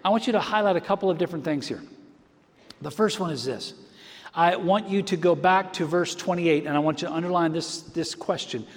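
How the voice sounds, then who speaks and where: High-voiced preaching man in a reverberant hall. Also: brisk. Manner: emphatic preaching, drops to a hush for effect. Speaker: pastor. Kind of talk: sermon.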